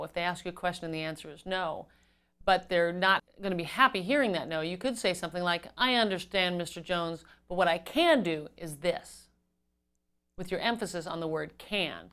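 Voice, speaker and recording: A woman giving an instructional talk on customer service as a trainer, measured and explanatory, stressing key words. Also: on the low side, a bit bright.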